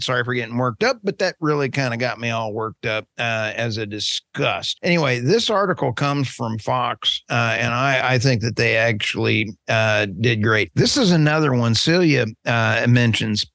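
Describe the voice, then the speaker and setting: A man's voice: medium pitch, lively intonation, normal speed, few pauses, fairly bright tone, no room sound, studio quality. A man co-hosting an energy news podcast, talking in a rambling way and getting worked up as he rants. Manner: rambling, fired-up ranting. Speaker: podcast co-host. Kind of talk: news commentary chat.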